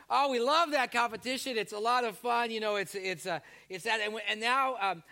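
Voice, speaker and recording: Canadian-born pastor guy, high voice, jokey sermon talk to the church. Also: moderate pace, creaky, bright, forceful tone. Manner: chatty, joking and teasing with the congregation. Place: church service before a congregation.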